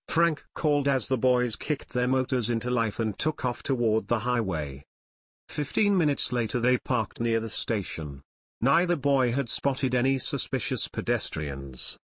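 A man's voice: mid-range voice, big pitch swings, unhurried, fairly bright tone, no room sound, clean studio sound. Man reading an audiobook narration. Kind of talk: scripted narration.

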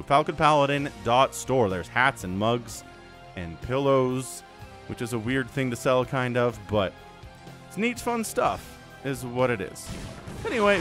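Casting a strategy game by himself, a man keeps up relaxed commentary that is chatty and full of jokes. He has a mid-range voice with a fairly bright tone.

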